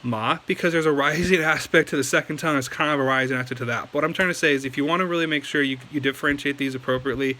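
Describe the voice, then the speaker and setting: Bright-voiced young man giving a casual lesson. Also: fairly high pitch, steady tone, rapid-fire, few pauses, a little hiss or hum, poor audio. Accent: American. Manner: rambling, lots of fillers and restarts. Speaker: language learning YouTuber.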